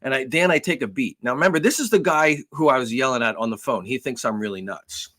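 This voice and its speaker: A man's voice: medium pitch, fast talker. A man co-hosting a podcast, telling a long story with lots of cursing and acting out both sides of phone calls. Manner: animated, profane storytelling, acts out phone calls. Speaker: podcast co-host. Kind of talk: casual storytelling chat.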